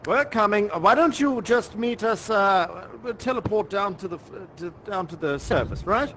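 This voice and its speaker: A genteel, chatty male professor, played by a live actor, guides visitors through a virtual-reality performance, courtly and polite and often chuckling with a genial mood. His voice is high-pitched and expressive at a moderate pace, with a fairly bright tone and slight background noise.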